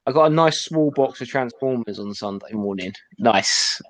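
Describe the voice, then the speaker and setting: A man's voice: mid-range voice, lively intonation, brisk, dry recording. A man chatting casually about toys in an easygoing, agreeable way. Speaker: toy stream co-host. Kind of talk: casual chat.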